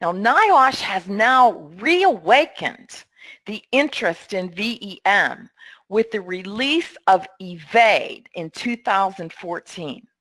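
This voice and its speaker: A middle-aged woman presenting a training webinar in a friendly, upbeat and clear way. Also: medium pitch, expressive, slow pace, fairly bright tone, no echo, poor audio.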